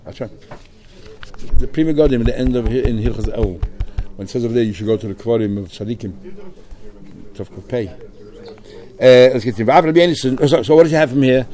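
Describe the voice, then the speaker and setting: A man leads a Talmud class at a brisk clip. He reads each phrase in the original, then talks it through in English. His voice has a dark, mellow tone. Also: medium pitch. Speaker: Talmud teacher. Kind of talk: Talmud class, reading Aramaic and translating.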